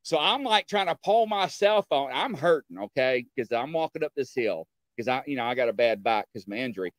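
A man's voice: mid-range voice, fairly quick, no room sound. A man telling a story in casual chat, acting out dialogue and often checking in with his listeners. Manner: animated, acts out dialogue, keeps checking in with "okay?".

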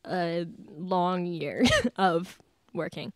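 A woman's voice: lowish voice, fairly even intonation, drawn-out words, no echo. A woman in her late teens, a podcast guest, chatting casually with lots of fillers and laughs. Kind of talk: casual chat. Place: church studio.

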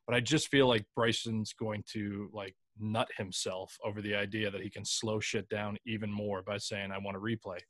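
A man's voice: on the low side, level tone, moderate pace, hardly any pauses, a bit bright, no echo, studio quality. A man talking casually on a golf podcast, rambling loosely with restarts and the odd curse. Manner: rambling, loose, with frequent restarts and mild swearing. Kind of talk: casual chat.

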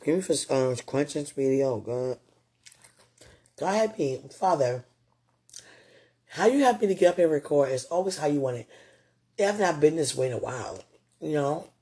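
A man with a husky voice, pouring his heart out in rambling, tender late-night talk about faith. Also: fairly high pitch, lively intonation, brisk, mellow. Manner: rambling and tender, full of "you know".

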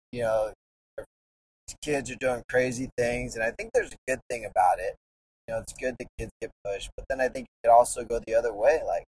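A man's voice: mid-range voice, a little mellow, slightly rough, distant mic, poor audio. A man in his thirties hosting a podcast, talking earnestly and rambling in a casual, reflective monologue. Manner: earnest, rambling, with many restarts. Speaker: podcast host.

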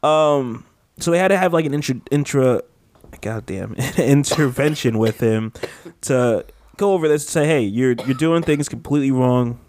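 A man's voice: mid-range voice, moderate pace, a little mellow, dry recording. A man co-hosting a home podcast, chatting casually and rambling, filling his speech with "like". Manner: rambling, heavy use of "like". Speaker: podcast co-host. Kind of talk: casual chat. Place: home room with a window AC unit.

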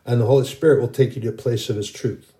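A man's voice: mid-range voice, fairly even intonation, quick pace, mellow. A middle-aged man giving an informal, rambling sermon, earnest and full of restarts. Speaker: Christian video preacher.

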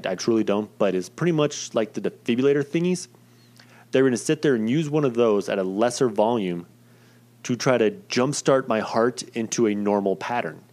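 A man's voice: mid-range voice, a little mellow. A young man casually telling a personal story in a rambling, profane, self-deprecating way.

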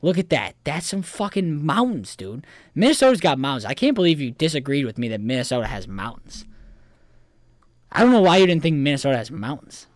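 A man's voice: fairly high pitch, big pitch swings, brisk, no room sound. Brash, swearing young man, dry sound. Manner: brash, heavy swearing, insistent. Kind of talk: casual chat.

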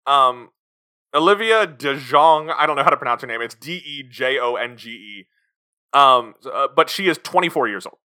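A man's voice: mid-range voice, animated, normal speed, pushed and bright. A man co-hosting a podcast, chatting casually about a film and acting out scenes in put-on voices. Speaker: podcast co-host. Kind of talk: casual film review chat.

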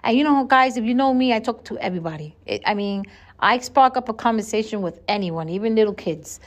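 A woman's voice: a little high, expressive, a little fast. Chatty woman hosting a solo podcast. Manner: chatty and earnest, with frequent restarts and repeated words. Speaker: podcast host. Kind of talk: casual solo podcast monologue.

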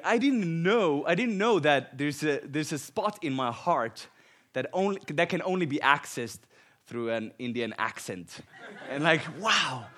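A man from Finland with a Finnish accent, a guest preacher telling personal stories and laughing often. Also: medium pitch. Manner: laughs often, animated and self-deprecating.

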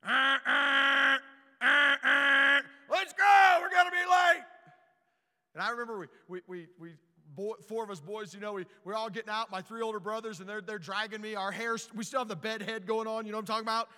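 A man preaching a storytelling sermon, animated and stumbling over repeated words as he starts sentences. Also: high voice, quick pace, big-room sound.

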